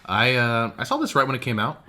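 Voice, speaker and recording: Bright, lively teasing man. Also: mid-range voice, brisk. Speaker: podcast co-host. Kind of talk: casual movie review chat.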